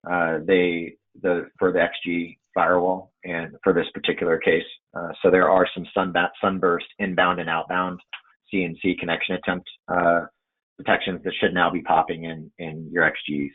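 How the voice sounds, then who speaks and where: A man's voice: sits low, level tone, normal speed, slightly rough. A man speaking as a security expert on a webinar panel, hesitant, with many fillers and restarts, heard over a remote call. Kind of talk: webinar discussion. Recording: muffled phone-like line.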